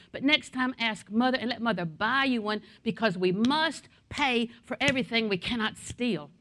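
A woman's voice: a little high, a bit bright. A middle-aged woman pastor preaching a sermon in a conversational way, with asides and anecdotes.

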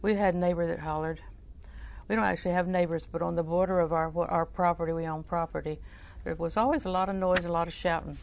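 Older female preacher, low and gravelly, conversational storytelling, soft-spoken to near whisper. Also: steady tone, fast talker, a little hiss or hum. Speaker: Christian teacher. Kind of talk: personal storytelling sermon.

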